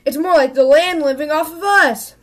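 A woman voicing an exasperated mother bear in a storybook reading, shouting. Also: sits high, normal speed, voice pushed up, natural voice.

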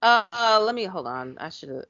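A woman co-hosting a casual podcast, blunt and quick to shut a topic down. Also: medium pitch, animated, sharp tone. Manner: blunt, cuts topics short. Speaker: podcast co-host. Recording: dull lo-fi sound.

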